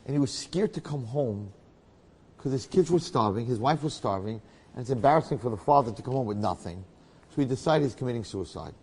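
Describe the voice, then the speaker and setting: A man, a rabbi, telling a story in a talk in an animated way, often checking in with his listeners. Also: medium pitch, a little fast, husky, in a large hall.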